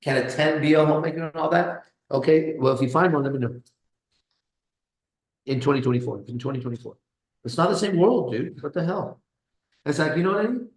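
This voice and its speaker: A man's voice: on the high side, a little fast, pauses often. A man hosting a live stream in casual chat, boastful and swearing with slangy talk, in a kitchen. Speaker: host. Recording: echoey room.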